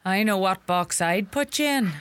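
A woman acting out a bossy, sharp-tongued Irish farm mother in middle age, scolding and fussing in a lilting, lively voice. Her Irish accent is thick. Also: medium pitch, moderate pace, no room sound, close to an everyday voice. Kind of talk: comedy sketch acting.

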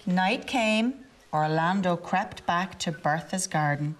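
Read-aloud storyteller: woman, lowish voice, slow and expressive. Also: a little hiss or hum. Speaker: storybook reader. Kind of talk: reading a picture book aloud.

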